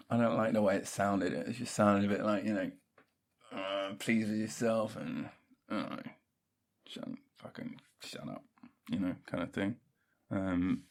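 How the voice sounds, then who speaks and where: A young man hosting a solo podcast, rambling and self-mocking, with a lot of swearing. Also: on the low side. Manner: scattered, self-mocking, swears a lot, drifts into silly voices. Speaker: podcast host.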